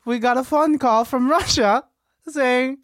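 Woman as a high-pitched, giggly, overwrought secretary. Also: a little slow, dry recording, studio quality. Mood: flustered. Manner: excitable, giggly. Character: tearful, flustered female secretary. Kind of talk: improv comedy scene.

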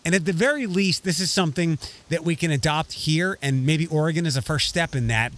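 A man's voice: fairly high pitch, a little fast, fairly bright tone. A man co-hosting a casual discussion podcast, talking in a rambling way with frequent restarts. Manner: rambling, restarts often, reads news excerpts aloud.

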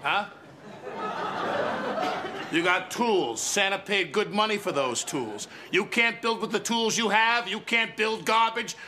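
A man's voice: high voice, slow pace, pushed and bright, exaggerated voice. An actor playing a ruthless male elf sales boss from head office, barking insults at the workers in a comedy sketch. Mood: berating. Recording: played clip with clear background noise.

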